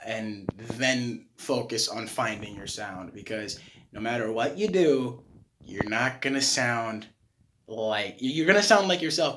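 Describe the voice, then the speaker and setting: A young man explains vocal technique in an off-the-cuff lesson. His speech wanders, with lots of fillers, restarts and casual swearing. His voice sits at an average pitch for a man. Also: a bit bright, slight background noise. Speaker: self-taught vocal tutor. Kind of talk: casual tutorial monologue.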